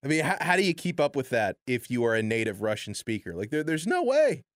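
A man's voice: medium pitch, a little fast, no room sound, studio quality. A man hosting a sports talk show, chatting casually with lots of restarts and fillers. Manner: animated, filler-heavy, chuckling. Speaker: sports radio host.

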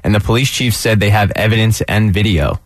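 A man producing a radio show, reading out breaking news in a matter-of-fact, halting way. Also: lowish voice, animated, no room sound, studio quality.

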